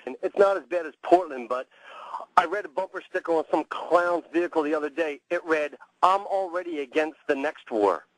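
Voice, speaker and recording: A man's voice: fairly high pitch, animated, a little fast, a bit bright, dry recording, rough recording. A man calling in to a radio show, irritated and indignant. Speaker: caller. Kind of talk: radio call-in.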